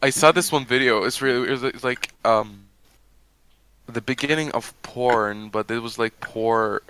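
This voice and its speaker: A man's voice: mid-range voice, moderate pace, bright, forceful tone, slight background noise. A man co-hosting a podcast, chatting crudely and laughing a lot, putting on silly voices when retelling stories. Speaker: podcast co-host. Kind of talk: crude casual chat.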